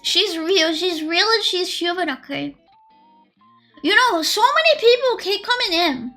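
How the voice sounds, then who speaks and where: A woman streamer talks in a very high, bright voice at an unhurried, drawn-out pace. Her chat is casual, giggly and sarcastic, with frequent swearing. Soft lo-fi music plays faintly behind her. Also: lively intonation.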